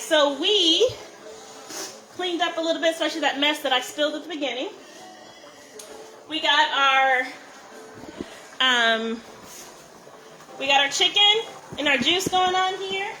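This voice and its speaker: A woman's voice: sits high, measured pace, pauses often, pushed and bright, roomy sound, faint music behind, rough recording. A woman hosting a live cook-along, chatting with viewers and greeting them by name while she cooks, recorded on a phone in a kitchen. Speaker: cooking show host.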